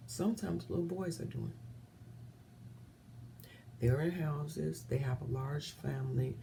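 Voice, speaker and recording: A woman vlogger giving impassioned commentary, earnest and often dropping to a hushed whisper. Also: extremely low pitch, gravelly, slight background noise.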